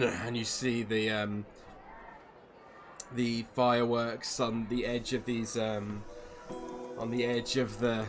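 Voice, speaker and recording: A man narrating a tabletop game as game master, slowly and with frequent ums. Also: medium pitch, little pitch movement, soft background music.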